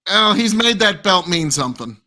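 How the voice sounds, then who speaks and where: A man's voice: high voice, expressive, normal speed, bright, forceful tone. A man co-hosting a live wrestling watchalong, bantering and teasing in fan chatter. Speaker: watchalong co-host. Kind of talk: live reaction commentary.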